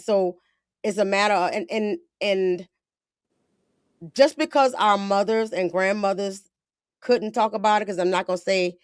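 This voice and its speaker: A woman's voice: on the low side, no echo, studio quality. A woman hosting a podcast, talking bluntly in casual slang, often acting out quotes. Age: adult with a daughter. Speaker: podcast host.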